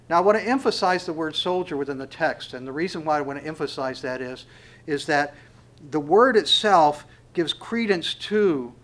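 A man preaching a sermon in an earnest way, slowing to stress key words, swelling to emphatic calls and falling to a hush. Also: a little high. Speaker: pastor.

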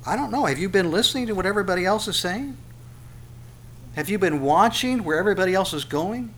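A man preaches a sermon in a church sanctuary. His voice sits a little high, and he keeps it animated, firing off rhetorical questions and repeating short phrases to drive them home. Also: fast. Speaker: pastor.

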